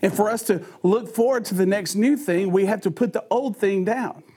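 Brief: male preacher, sermon with homespun stories, high-pitched voice. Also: moderate pace, dark tone, husky. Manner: folksy storytelling, conversational.

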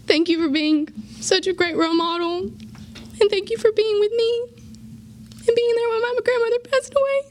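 A woman's voice: very high voice, steady tone, moderate pace, a little mellow. A graduating teenage girl, giving a heartfelt farewell speech to her church youth group, tearful and laughing through tears. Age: late teens.

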